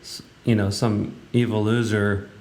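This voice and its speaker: A man's voice: fairly low pitch, flat delivery, unhurried, a little mellow. A man hosting a radio talk show, giving casual, rambling commentary in a blunt way with many fillers. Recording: roomy, echoey room.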